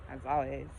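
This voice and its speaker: A woman's voice: rumbling low, creaky, a little hiss or hum, rough recording. A woman vlogger chatting casually while walking outdoors, rambling through her stories and laughing often. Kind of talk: casual chat.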